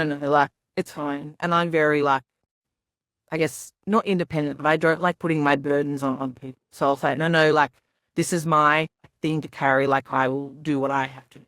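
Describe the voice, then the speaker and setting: A woman's voice: low voice, no echo, studio quality. A young woman on a podcast, telling her story in a rambling, casual way full of "like" and quoted asides.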